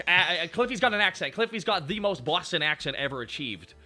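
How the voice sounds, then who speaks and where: A man hosting a live stream in casual chat, excitable and rambling as he thanks donors aloud. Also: high voice, moderate pace. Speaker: streamer host. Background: faint background music.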